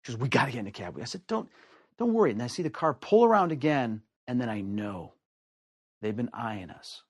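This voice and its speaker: Male storyteller from the US, mid-pitched, acts out quoted voices with big swings in pitch; dry, close recording. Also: animated, a little fast, no room sound. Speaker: storyteller guest. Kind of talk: animated personal storytelling.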